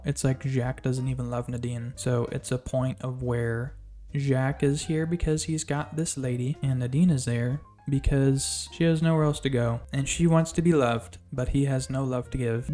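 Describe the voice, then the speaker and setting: A YouTube reviewer rambling sarcastically through a movie recap and acting out lines from the film. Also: mid-range voice. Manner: sarcastic, rambling, animated recap with acted quotes. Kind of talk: casual movie recap vlog. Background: faint background music.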